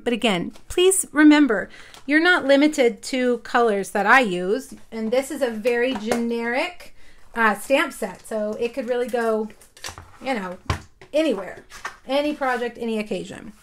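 High-voiced chatty woman. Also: a bit bright, slight background noise. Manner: chatty, rambling, many fillers and asides. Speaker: papercraft demonstrator. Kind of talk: live craft tutorial chat.

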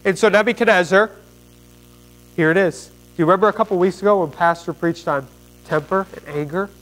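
A man preaching a sermon in a high-pitched voice. He retells a Bible story with folksy, animated energy, dropping casual slang as he talks to his congregation. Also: brisk, low-quality recording.

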